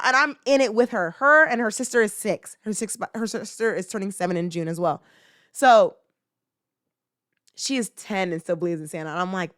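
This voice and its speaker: A woman in her twenties hosting a casual podcast, rambling emotionally and swinging from loud outbursts to low muttering. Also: a little fast, no room sound, clean studio sound. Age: 20s. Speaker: podcast host. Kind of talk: casual ranting chat.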